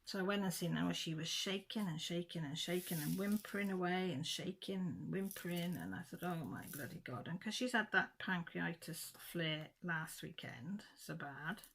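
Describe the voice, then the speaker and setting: Middle-aged woman, chatty storyteller, gravelly low voice with a bright edge. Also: moderate pace, few pauses. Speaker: craft vlogger. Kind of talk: casual chat.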